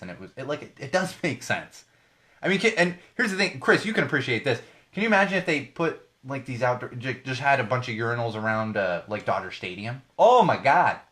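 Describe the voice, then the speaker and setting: Man, thirties, podcast host, sarcastic, laughing mid-sentence, casual news riffing. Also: mid-range voice. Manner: sarcastic, laughs while talking, animated swings in loudness. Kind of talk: casual news commentary on a live feed.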